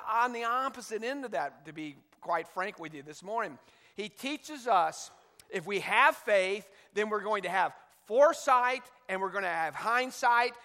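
A man's voice: high voice, sharp tone, long reverb tail. A male pastor preaching a sermon, emphatic, reading scripture aloud between points, with an occasional cough. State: coughing now and then.

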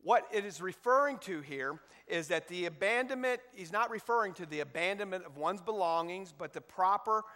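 A man's voice: sits high, expressive, moderate pace, few pauses, bright, forceful tone, big-room sound. A male pastor preaching a sermon, emphatic, reading scripture aloud between points, with an occasional cough. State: coughing now and then.

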